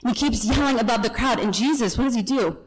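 Woman Bible teacher, conversational storyteller, slightly higher voice, who acts out the scene as she goes. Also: quick pace, poor audio. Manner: chatty asides and self-corrections.

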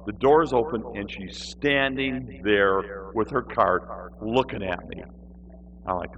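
A man tells a story from the pulpit in a bright voice that swings widely in pitch. He mimics his own whining as he goes. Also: expressive, normal speed, poor audio. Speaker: preacher. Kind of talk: storytelling sermon.

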